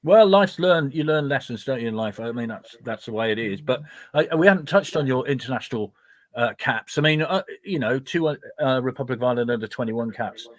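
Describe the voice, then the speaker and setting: A man's voice: mid-range voice, animated, fairly quick, no room sound. Presenter guy asking questions, chatty, tag questions, dry close sound. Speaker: radio presenter. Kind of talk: radio interview.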